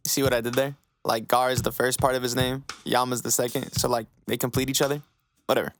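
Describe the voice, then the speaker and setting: A man's voice: medium pitch, flat delivery, fast talker, a little hiss or hum. A young man casually recapping a manga in a chatty, slangy, joking way. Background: faint music.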